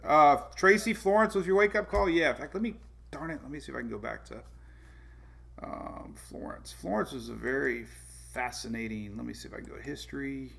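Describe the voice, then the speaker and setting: A male weather-show host talks through a casual livestream in a gravelly, mid-pitched voice. He rambles, trips over his own points and corrects himself, chuckling as he goes and answering viewers by name. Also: fairly quick, a bit bright. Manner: rambling, self-correcting, chuckles often, reads viewer comments.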